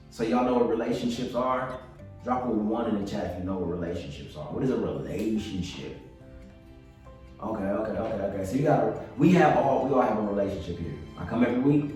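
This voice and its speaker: A man's voice: on the low side, dark tone, heavy reverb, far from the mic, rough recording. Upbeat man teaching an online class. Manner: repetitive, upbeat, encouraging, talks to the class directly. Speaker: yoga and mental health instructor. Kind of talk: casual online class talk to students. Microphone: video call.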